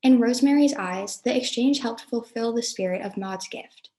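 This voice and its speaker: A woman's voice: on the high side, moderate pace, mellow, natural voice. A woman playing a self-important gift expert. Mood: earnest.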